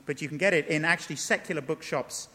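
A man's voice: fairly high pitch, quick pace, pushed and bright. A man preaching a sermon, emphatic, asking rhetorical questions and reading passages aloud. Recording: long reverb of a large hall.

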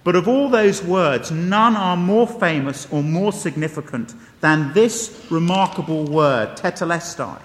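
A man's voice: a little high, animated, unhurried, few pauses. A man preaching a sermon, conversational and emphatic, with wry asides and repeated key phrases. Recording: long reverb of a large hall.

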